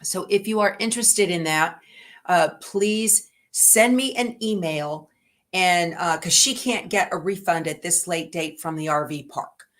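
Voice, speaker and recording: A woman's voice: measured pace, a bit bright. A middle-aged woman, chatting casually as host of a livestream and talking to viewers in a homey, rambling way. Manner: chatty and homey, talks to her dogs in a high baby voice.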